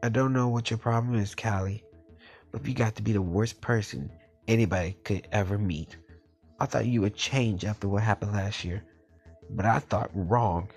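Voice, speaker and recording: A man voicing a scared, angry teenage boy in a spoken storybook, talking in a shouting, urgent way. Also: lowish voice, normal speed, soft background music.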